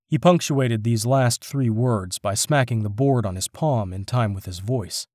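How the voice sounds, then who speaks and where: A man narrating an audiobook in a steady, expressive reading. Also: medium pitch, measured pace, few pauses, dry recording, clean studio sound.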